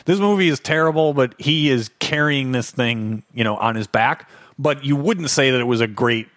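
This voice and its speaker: A man co-hosting a relaxed film podcast, talking through his opinions in a measured way with fillers along the way. His voice sits in an ordinary middle range. The recording is dry and close-miked. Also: medium pitch, dry recording. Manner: measured, thinks aloud with fillers. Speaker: podcast co-host. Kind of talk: casual movie-review chat.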